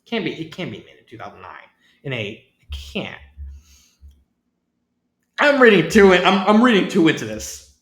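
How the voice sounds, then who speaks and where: A man's voice: sits high, wildly swooping pitch, moderate pace, long pauses, fairly bright tone. A man reading fanfiction aloud, often breaking off to comment, stumbling over words and giggling at the text. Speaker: fanfiction reader. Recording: roomy echo.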